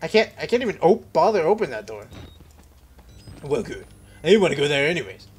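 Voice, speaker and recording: Jokey young man with a lively voice. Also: fairly high pitch, brisk, slightly rough. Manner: jokey, rambling self-talk. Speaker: gaming commentator. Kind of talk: let's play commentary.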